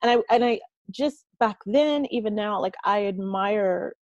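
A woman's voice: medium pitch, a little slow, no echo, lo-fi sound. A woman guest on a podcast, effusive and emotional, talking with an old friend. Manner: effusive, emotional, laughs often. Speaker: guest, energy healer. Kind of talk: casual chat.

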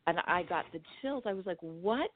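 A woman from California, a dream therapist telling a personal story as a podcast guest, animated and acting out what people said. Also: on the low side, quick pace. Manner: animated storyteller who acts out her own quotes. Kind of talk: storytelling in a conversational interview. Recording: tinny phone-like line, dry.

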